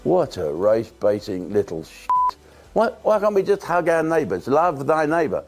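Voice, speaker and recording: A man's voice: on the high side, sing-song, normal speed, darkish tone, soft background music. A man delivering a sweary, sarcastic political rant, blunt and mocking, with crude asides. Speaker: political commentator.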